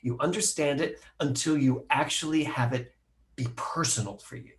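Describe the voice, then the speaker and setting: A middle-aged male minister recounts a personal story to his listeners in an animated, self-mocking way. He acts out other people's lines and laughs at his own jokes, with a voice of middle pitch. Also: normal speed. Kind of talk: personal storytelling to a live audience.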